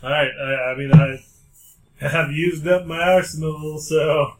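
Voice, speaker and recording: A man's voice: fairly high pitch, steady tone, measured pace, faint music behind. A man playing a tabletop game, wisecracking in casual chat. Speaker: player.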